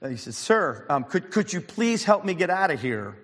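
A man's voice: big pitch swings, moderate pace, fairly bright tone, long reverb tail, full character voice. A man voicing a desperate man trapped in a pit, pleading for help in a raised voice. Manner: pleading, voice pushed up high.

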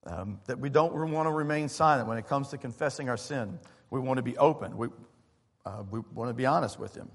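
A man, a pastor, preaching a sermon in a relaxed, conversational way, with fillers and asides to his congregation. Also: mid-range voice, brisk. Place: church sanctuary. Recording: long hall reverb.

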